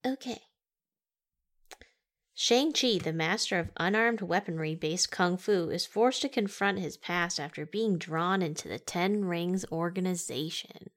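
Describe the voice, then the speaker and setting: A woman's voice: fairly low pitch, a little slow. A woman co-hosting a casual movie podcast, telling stories with dry, wry humor. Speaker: podcast co-host. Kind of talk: casual movie review chat.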